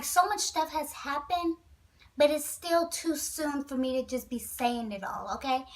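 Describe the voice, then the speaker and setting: A woman vlogger telling a storytime to her viewers, chatty and animated, with many asides. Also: high-pitched, distant mic, low-quality recording. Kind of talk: storytime vlog.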